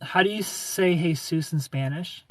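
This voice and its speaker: With no echo, a slightly high, fairly bright male voice comes through at a measured pace. He's a young livestream host who greets viewers, reads comments, and launches into profane, laugh-filled rants.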